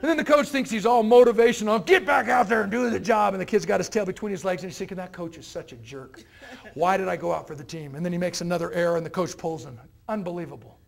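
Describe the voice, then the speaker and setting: Male keynote speaker, animated storyteller, high gravelly voice. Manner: animated, acts out characters in his stories. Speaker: motivational speaker. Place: university event hall.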